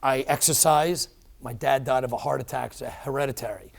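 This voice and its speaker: Telling a personal story as an interview guest, a middle-aged man speaks a little fast in a mid-range voice with some vocal fry. He's animated and emphatic, often using fillers and starting over.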